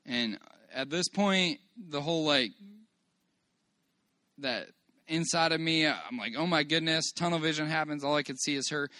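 A man speaking in a somewhat high voice, recorded close and dry. He gives an earnest, halting personal testimony to a church congregation, often restarting his phrases and giving praise to God. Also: pushed and bright, no room sound. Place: church meeting room.

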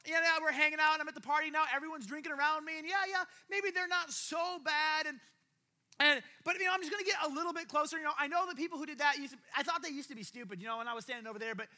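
A man's voice: very high voice, very fast, sharp tone, exaggerated voice. A man acting out an underage teenager who talks himself into partying, rambling and self-justifying. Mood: casual, excusing. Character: underage teen boy sliding into partying, rationalizing.

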